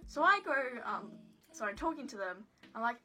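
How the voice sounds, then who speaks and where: Bright-voiced giggly woman vlogger. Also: on the high side, animated, moderate pace, faint music behind. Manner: giggly, rambling, self-deprecating, lots of "like". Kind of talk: casual storytelling vlog. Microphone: phone camera.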